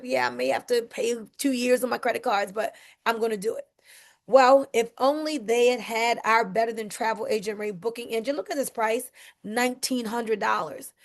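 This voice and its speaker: A woman with a high voice and a gravelly edge gives an energetic sales presentation. She speaks straight to her audience, asking them questions as she pitches.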